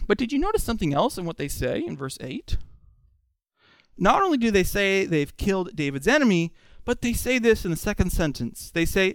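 A male preacher delivering an expository sermon in an animated, conversational way, full of rhetorical questions. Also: high-pitched, normal speed, smooth, dry recording.

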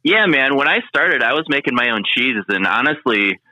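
A man's voice: medium pitch, lively intonation, normal speed, sharp tone, no room sound, low-quality recording. A man with a Michigan accent, a podcast guest chatting easily and laughing often. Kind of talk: casual interview chat.

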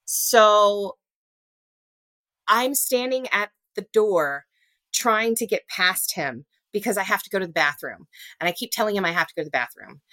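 A woman telling her own story in an interview, earnest and halting, often restarting and acting out what was said. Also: mid-range voice, expressive, pushed and bright, no echo. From Louisiana. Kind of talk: personal storytelling in a podcast interview.

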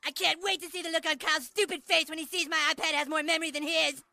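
Lady doing a whiny spoiled cartoon boy, super high, fast. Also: fairly even intonation, vocal fry, pushed and bright, no echo, soft background music, exaggerated voice. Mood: smug. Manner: smug, whiny. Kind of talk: animated series acting.

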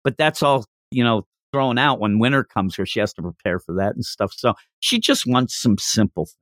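A man in a casual chat reviewing a manga, animated and acting out quoted lines in voices. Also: mid-range voice, normal speed, no echo, studio quality.

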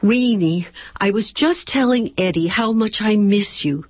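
Husky woman reading a weary, guarded mother. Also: medium pitch, measured pace, no room sound, dull audio, pitched above the performer's own voice, natural voice. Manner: terse, pleading lines on the phone.

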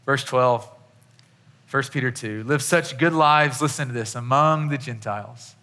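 Bright-voiced man preaching a story. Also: mid-range voice, measured pace. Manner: storytelling, conversational, with many restarts. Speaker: pastor. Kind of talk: sermon.

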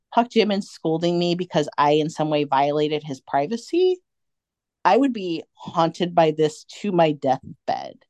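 A woman's voice: on the low side, lively intonation, normal speed, a little mellow, no echo. A woman co-hosting a podcast, chatting casually and animatedly, often acting out quotes. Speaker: podcast co-host. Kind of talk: casual fan chat.

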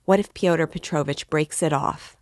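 A woman's voice: sits low, normal speed, dry recording, studio quality, natural voice. A woman reading the part of an anxious, talkative middle-aged mother in a novel. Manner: worried, talkative.

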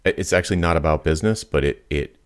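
A man hosting a podcast who gives pricing advice in a confident, lively way and acts out examples. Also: very deep voice, fast. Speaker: podcast host, pricing consultant. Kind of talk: casual advice talk.

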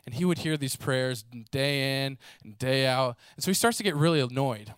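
A man preaching a sermon, telling stories in a lively way and acting out the people in them. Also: mid-range voice, moderate pace, smooth, no room sound. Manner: animated storytelling, acts out voices, casual fillers.

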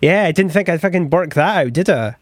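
An insecure young thief who stammers and swears at himself, his voice swinging in pitch as he spirals, played by a man. He is recorded dry and close, as in an actual-play game. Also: lively intonation, a little fast, dry recording. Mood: panicked.

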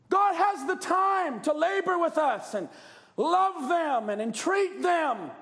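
A man preaching a fervent, often shouted sermon with a gravelly voice. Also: extremely high pitch, animated, slow pace.

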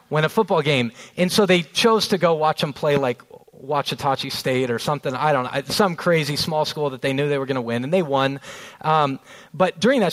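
A man in his thirties preaching a sermon, earnest, slowing down on key phrases and telling family stories along the way. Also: on the high side, fairly bright tone, poor audio. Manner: storytelling with family anecdotes. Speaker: pastor.

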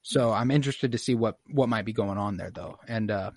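A man's voice: lowish voice, fairly quick, gravelly, breathy edge, dry recording. A man in casual podcast chat, animatedly retelling scenes, acting out lines and laughing often. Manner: animated storyteller who acts out quotes and laughs often. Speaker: podcast co-host recapping an episode.

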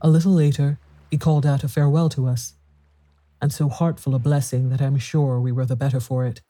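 A man narrating a classic horror story in a measured, steady storytelling manner. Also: medium pitch.

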